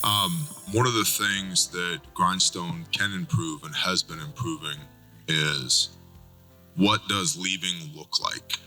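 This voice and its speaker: Deep-voiced man in relaxed chat. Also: takes it slowly, soft background music, low-quality recording. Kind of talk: casual chat.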